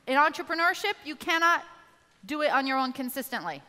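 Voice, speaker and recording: Bright, punchy woman rallying a hall. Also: high voice, lively intonation, fast talker. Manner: rallies the audience with direct questions. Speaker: motivational speaker. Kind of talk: live motivational talk.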